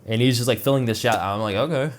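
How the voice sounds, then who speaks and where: Speaking quickly in a mid-range voice over a slight hiss or hum, this young vlogger rambles through a personal anecdote. It's casual and profane, thick with fillers, punctuated by his own laughter, and he performs the other characters' lines in their voices.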